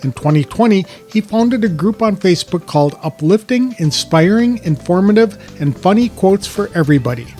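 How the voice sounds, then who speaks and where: A man's voice: high voice, lively intonation, a little fast, few pauses, darkish tone, faint music behind. A man hosting a podcast, reading an introduction and then asking a guest friendly questions over a video call. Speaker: podcast host. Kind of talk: scripted intro then interview chat.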